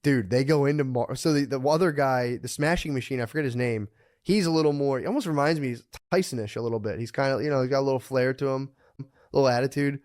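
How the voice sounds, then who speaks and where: A man's voice: mid-range voice, fast talker, a little mellow. A man in his thirties co-hosting a podcast, telling stories casually, swearing freely and laughing often. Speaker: podcast co-host.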